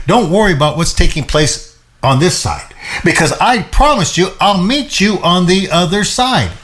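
A man co-hosting a show, teaching and explaining a Bible passage in a lively way, often repeating himself and laughing. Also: fairly high pitch, fairly quick.

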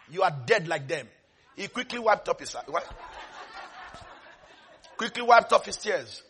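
A man preaching a sermon, animated, breaking into shouts and laughs between hushed asides. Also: sits high, measured pace, long pauses, slightly rough.

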